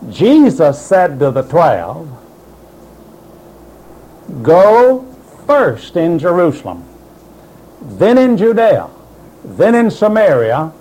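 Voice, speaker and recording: Male preacher, high and lively voice, hammering points home as fact. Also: poor audio. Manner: emphatic, insistent, quotes doubters in mocking voices. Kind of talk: sermon.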